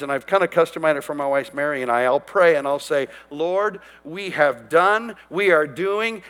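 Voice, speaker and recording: A man's voice: a little high, a bit bright, in a large hall. Emphatic preaching man, raised voice. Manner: emphatic, declaring scripture with rising intensity. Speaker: pastor. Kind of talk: sermon.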